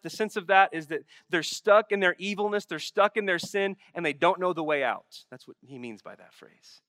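A pastor preaches a sermon, moving from hushed, intimate asides to loud, emphatic exclamations and voicing God's questions in a pleading, exasperated tone. His voice is high-pitched, at a moderate pace with few pauses, in clean studio sound with no room echo.

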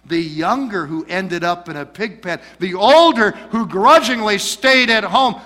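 A man preaching from the pulpit in a high, bright voice. His delivery swings dramatically between loud pleas and hushed asides, while a long church reverb trails each phrase. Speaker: pastor. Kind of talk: sermon. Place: church sanctuary.

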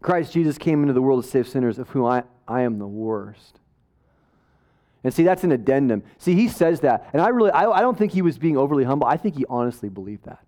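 A man preaching a sermon in a casual, conversational way, energetic and joking with the congregation. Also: mid-range voice, fairly quick. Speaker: pastor.

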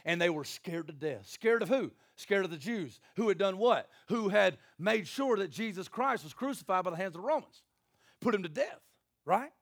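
A man's voice: high-pitched, animated, normal speed, no echo, studio quality. A man preaching a sermon, folksy and joking, acting out Bible scenes in little voices. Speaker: pastor.

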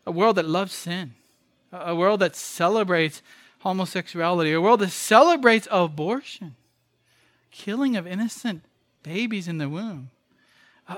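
Pastor guy preaching, high voice, dry close sound, lots of rhetorical questions. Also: fairly bright tone, no room sound. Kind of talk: sermon.

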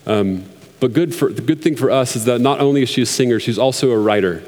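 A man's voice: medium pitch, quick pace, darkish tone. A man in his thirties preaching a sermon in an earnest, conversational way, with fillers and restarts. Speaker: pastor. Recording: long hall reverb.

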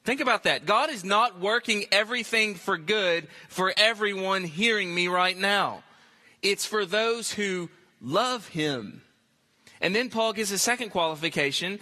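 A male pastor preaching a sermon with a high, very bright and forceful voice. He presses his points with emphatic repetition. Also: animated, unhurried. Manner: emphatic, repeats phrases for stress.

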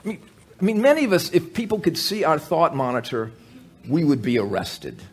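A man preaching a sermon, joking with the congregation and telling animated stories, with many fillers and restarts. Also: fairly high pitch, fairly quick, slightly rough.

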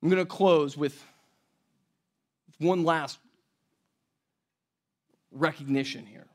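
Male pastor, high-pitched, relaxed conversational preaching with light laughs and restarts. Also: takes it slowly. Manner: conversational, laughing asides, repeats words. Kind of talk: sermon.

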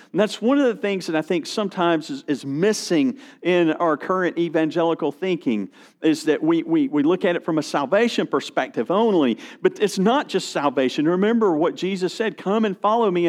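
Middle-aged male pastor, sermon delivery, slightly high voice, animated storyteller.

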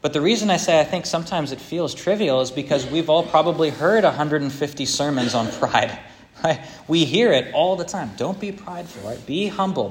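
A man's voice: on the high side, slight background noise. A man preaching a sermon as pastor, earnest and conversational, with occasional hesitations. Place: church.

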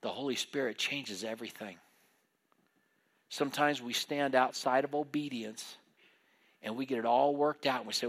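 A man delivering a sermon with animated energy. He drops into the voices of the people in his stories, retelling scripture as lively back-and-forth dialogue. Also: medium pitch, normal speed, pauses often. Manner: animated preaching, acting out biblical voices in dialogue. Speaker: preacher.

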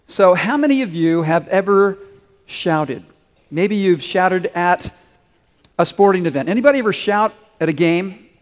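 High-voiced pastor in a reverberant hall. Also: male voice, animated, a little slow. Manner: earnest, leads the congregation in call-and-response. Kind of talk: sermon. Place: large church sanctuary.

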